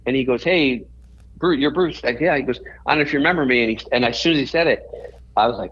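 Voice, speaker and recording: A man's voice: mid-range voice, lively intonation, brisk, fairly bright tone, breathy edge, highs cut off. A man, a podcast guest, telling a story in a rambling way and often correcting himself mid-sentence.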